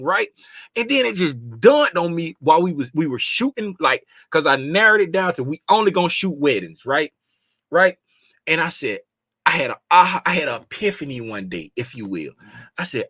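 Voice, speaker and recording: Animated, bright-voiced man hosting a livestream. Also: fairly high pitch, no echo. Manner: animated, greets chat viewers by name; drops to a hushed, confiding tone at times. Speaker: livestream host. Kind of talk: casual livestream chat.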